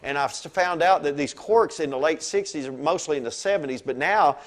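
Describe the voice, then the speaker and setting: A male pastor preaching a lively sermon, telling stories and swinging between soft asides and loud exclamations. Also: on the high side, normal speed.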